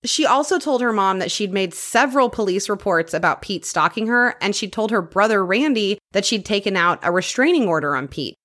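Lively woman telling a true crime story. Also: mid-range voice, brisk, few pauses. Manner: lively storytelling, reads case details aloud. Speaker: podcast co-host. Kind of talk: true crime podcast chat.

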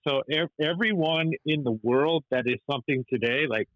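A man's voice: fairly high pitch, normal speed, no echo. Rambling man with a dull, lo-fi sound. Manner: rambling, many restarts and filler words. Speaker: animator and musician guest. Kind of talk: storytelling interview.

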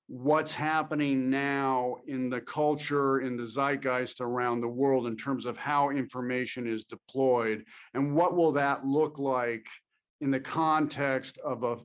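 A male actor giving thoughtful interview answers, pausing and restarting often as he works out his thoughts. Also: medium pitch. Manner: thoughtful, halting, with many restarts.

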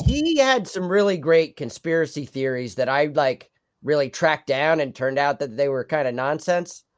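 A man from New York with a somewhat high voice, talking bluntly on a podcast. He swears freely and keeps a plain, casual tone. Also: animated, moderate pace. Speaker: podcast co-host. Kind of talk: casual chat.

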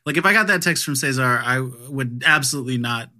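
A man's voice: mid-range voice, expressive, quick pace, bright, forceful tone. A man co-hosting a podcast in casual chat, with dry teasing humor. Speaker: podcast co-host.

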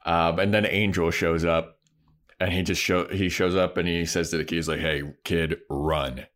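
A man's voice: low-pitched, flat delivery, moderate pace, fairly bright tone. A man co-hosting a podcast, casually recapping a TV episode in a laid-back, laughing way. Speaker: podcast co-host.

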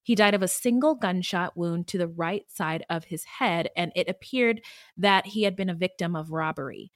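A woman co-hosting a casual true-crime podcast, talking in an animated way and breaking into song and acted voices. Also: on the low side, moderate pace, no room sound, clean studio sound. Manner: animated, laughs often, bursts into singing and acted voices. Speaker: podcast co-host.

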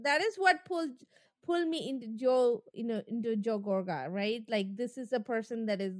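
Agreeable woman turning forty, higher voice. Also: normal speed, dry recording. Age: 40s. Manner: agreeable, giggly, lots of yeahs. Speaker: podcast co-host. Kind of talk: casual chat.

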